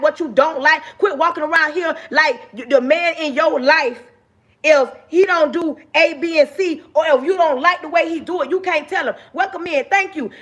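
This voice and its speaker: Woman, live-stream ranter; very high, bright, forceful voice; emphatic, preachy, lectures the audience. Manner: preachy, emphatic, calls listeners baby; raises her voice, talks with her hands. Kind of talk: passionate motivational rant.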